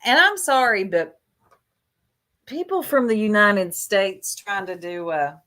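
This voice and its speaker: A woman's voice: mid-range voice, lively intonation, slow pace, a bit bright. A woman in casual livestream chat, gossiping in a chatty, catty, drawling way.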